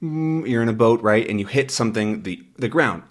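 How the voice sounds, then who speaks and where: A man's voice: medium pitch, expressive, fairly quick. A man teaching English to learners, patiently explaining words from a comic. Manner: patient, repeats words and checks with "right?".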